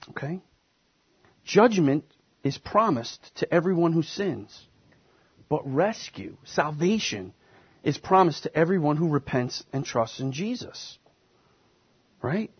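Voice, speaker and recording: A man's voice: on the high side, husky, dull audio. A man preaching a sermon, speaking emphatically and putting questions to the congregation. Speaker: pastor.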